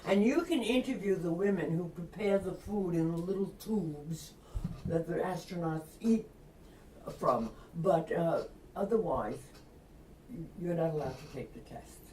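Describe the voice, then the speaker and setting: Older woman, from Long Island, lively storyteller, mimics other people, lower voice, roomy recording. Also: a little slow, a little hiss or hum. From Long Island, New York. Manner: lively, acts out quoted voices, laughs often. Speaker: interview guest, retired reporter. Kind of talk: anecdotal storytelling. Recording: roomy, distant mic.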